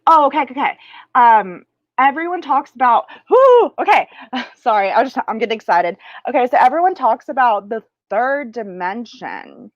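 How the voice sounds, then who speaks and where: A woman's voice: on the high side, expressive, no echo, dull audio. A woman hosting a spiritual livestream, chatting casually and crassly, rambling and losing her train of thought. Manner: slow, drawn-out teaching delivery.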